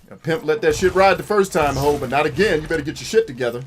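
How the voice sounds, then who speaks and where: A man's voice: on the high side, fast, slight background noise, voice pushed up, lightly acted. A man doing a swaggering, menacing pimp. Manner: menacing, profane, repeats insults. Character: swaggering adult male pimp demanding his money.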